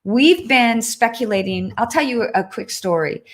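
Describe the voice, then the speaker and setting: A woman's voice: a little high, animated, normal speed. A woman hosting a casual livestream, chatting earnestly and reading out viewer comments, often breaking off and restarting. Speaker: livestream host.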